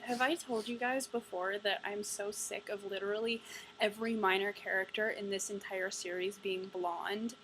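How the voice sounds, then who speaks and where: A woman's voice: mid-range voice, fairly even intonation, normal speed, a bit bright, slight background noise, poor audio. Young woman ranting about a book, sarcastic and fed up, swears a lot. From United States. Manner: exasperated, sarcastic, profane. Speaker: book reviewer vlogger. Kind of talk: casual ranting book review.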